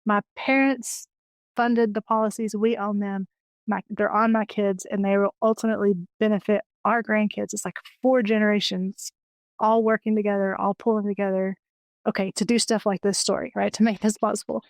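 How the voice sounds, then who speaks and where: A woman's voice: medium pitch, level tone, moderate pace, dry recording. A woman in her forties, a guest in an interview, telling personal stories in an earnest, enthusiastic way and often restarting her sentences. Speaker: interview guest, financial educator.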